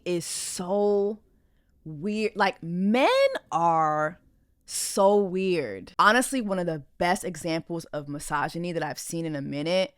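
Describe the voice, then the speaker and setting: A woman podcast host with a lowish voice reacts to a reality show clip with blunt, indignant commentary in a casual, conversational way. The recording is clean studio sound with no room sound.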